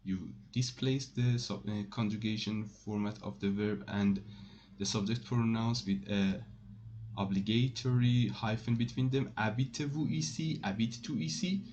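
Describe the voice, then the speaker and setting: Halting male French teacher, dull mic. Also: fairly low pitch, a little mellow, slight background noise. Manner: halting, many fillers and self-corrections, repeats example phrases slowly. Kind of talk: screen-recorded language lesson.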